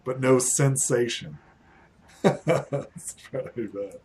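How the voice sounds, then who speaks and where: Slow-paced male game master who laughs a lot and talks with many fillers. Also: mid-range voice, darkish tone. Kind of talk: narrating a tabletop game.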